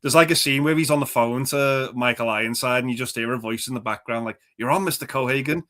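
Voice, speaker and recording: A man's voice: mid-range voice, level tone, fast talker, fairly bright tone. A man co-hosting a casual movie podcast, talking enthusiastically and rambling, with frequent swearing. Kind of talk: casual film chat.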